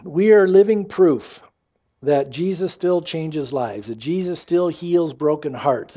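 High-voiced pastor preaching a sermon. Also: male voice, darkish tone, lo-fi sound. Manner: conversational preaching, reads scripture aloud, wry asides. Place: church.

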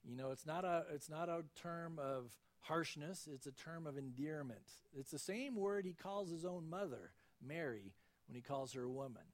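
Man, pastor, high voice, conversational sermon, acts out quoted voices. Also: lively intonation, moderate pace.

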